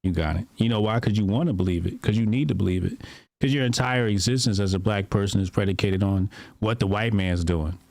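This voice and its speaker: A man co-hosting a podcast, talking in a casual, animated, mocking way and often mimicking other people. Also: fairly low pitch, a little fast, gravelly, no room sound. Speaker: podcast co-host.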